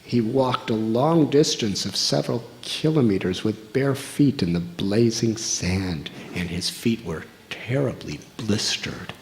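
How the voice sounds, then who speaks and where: Slow, gravelly older monk preaching. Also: male voice, fairly low pitch, lively intonation, a little hiss or hum. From United States. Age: 60s. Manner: slow, earnest storytelling with long pauses. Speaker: monk giving a religious discourse. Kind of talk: sermon.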